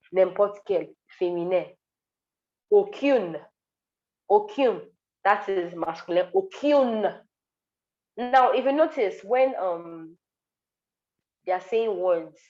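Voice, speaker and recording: A woman's voice: medium pitch, a little mellow. Woman patiently teaching over a dull call line. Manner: explains patiently, repeats words, many ums. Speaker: French tutor. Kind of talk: online class lesson.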